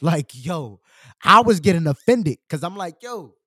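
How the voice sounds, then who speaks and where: A man's voice: fairly high pitch, animated, unhurried, fairly bright tone, no room sound, studio quality. A young man with a New York accent, telling a story in casual podcast chat, slangy and profane, acting out quotes. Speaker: podcast host.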